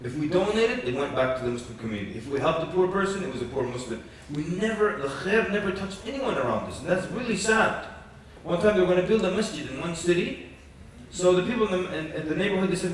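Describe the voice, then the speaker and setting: A man preaching at a youth conference, telling lively stories with jokes and acting out quotes. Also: sits high, fast, few pauses, a little hiss or hum. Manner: animated storytelling with jokes and acted quotes. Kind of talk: conference lecture. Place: large conference hall. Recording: echoey hall from far off.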